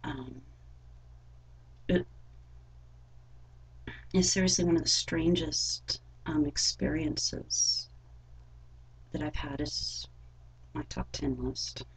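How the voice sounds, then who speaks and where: A young adult woman telling a personal story in a vlog, halting and rambling with many fillers. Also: low-pitched, fairly even intonation, breathy edge, rough recording. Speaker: vlogger.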